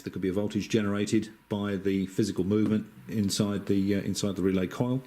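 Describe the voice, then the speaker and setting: A middle-aged amateur radio operator from Western Australia, with a lowish voice and an Australian accent, walks through a wiring diagram. His casual technical explanation is relaxed and chatty, with frequent hesitations and dry asides.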